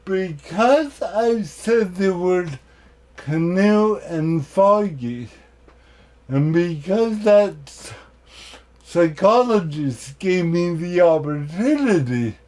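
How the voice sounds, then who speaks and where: Slow, deliberate male keynote speaker. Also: on the high side, dark tone. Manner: slow, deliberate, with self-deprecating humor. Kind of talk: personal storytelling keynote.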